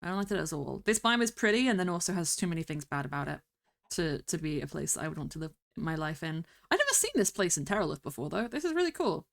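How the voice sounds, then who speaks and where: A woman streamer rambling through casual gameplay commentary, talking to herself with bursts of excited exclamations. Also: on the low side, fast, creaky. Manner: chatty, rambling self-talk with excited exclamations. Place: home streaming setup.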